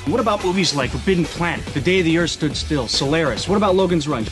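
A man plays an indignant film sci-fi buff who rattles off his complaints in a fast, scolding, lecturing tone. His voice sits a little high. A music bed plays clearly under the clip. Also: animated, natural voice. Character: lecturing adult male sci-fi fan, indignant.

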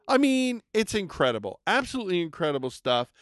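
An enthusiastic man co-hosting a podcast, his voice smooth and resonant and sitting a little high. He rambles cheerfully while hyping up products. The sound is close and dry. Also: big pitch swings, normal speed, fairly bright tone, no echo. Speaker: podcast co-host reviewing toys and collectibles. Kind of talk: casual podcast chat.

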